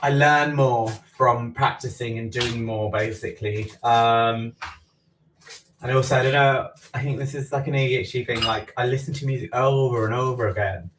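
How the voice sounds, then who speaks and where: A man's voice: mid-range voice, fairly even intonation, moderate pace, far from the mic. A man talks casually as he bakes, rambling along and correcting himself mid-sentence. He sits back from the mic, so his voice carries the roomy echo of a home kitchen. Faint background noise and clicks sit under his talk. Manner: rambling, self-correcting, chatty asides. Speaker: baking livestream host. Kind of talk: casual chat while baking.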